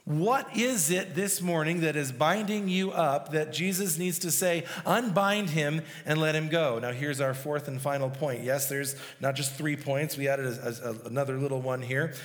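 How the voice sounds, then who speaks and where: A man's voice: a little high, moderate pace, hardly any pauses. Male preacher in a reverberant hall. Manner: conversational, emphatic preaching with asides. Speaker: pastor. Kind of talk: sermon.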